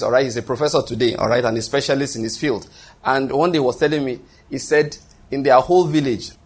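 Husky man preaching. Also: medium pitch. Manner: repetitive, emphatic, with frequent restarts and rhetorical questions. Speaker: pastor. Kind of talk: sermon.

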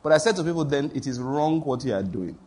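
A man's voice: mid-range voice, animated, fast talker, a little mellow, breathy edge. A man preaching a sermon as a pastor, telling stories and acting out the voices of the people in them. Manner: storytelling, acts out quoted voices, laughs at his own anecdotes.

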